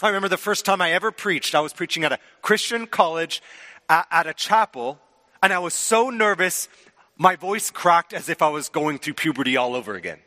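Male pastor, sermon, bright clear voice, loud then hushed delivery, long hall reverb. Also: on the high side, fairly quick. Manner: expressive preaching, swings from loud to hushed.

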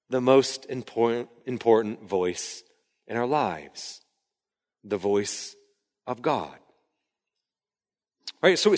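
A male pastor in his thirties delivers a conversational sermon in a church sanctuary. His voice sits a little high for a man and bursts into shouts when he reenacts a story. A long hall reverb trails his words from the stage mic. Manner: conversational, rising to shouts when acting out yelling. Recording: hall reverb from a large room.

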